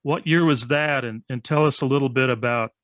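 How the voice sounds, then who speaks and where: A man's voice: mid-range voice, a little fast, fairly bright tone, no room sound, studio quality. A man hosting an interview, asking short, encouraging questions. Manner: brief, encouraging prompts. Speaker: host.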